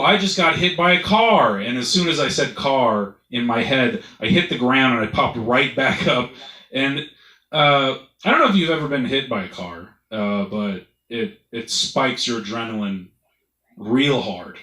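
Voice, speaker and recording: Bright-voiced man telling a story on stage. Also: medium pitch, expressive, unhurried, echoey room, rough recording. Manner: rambling, profane, laughs at own jokes. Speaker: stand-up comedian. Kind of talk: stand-up storytelling.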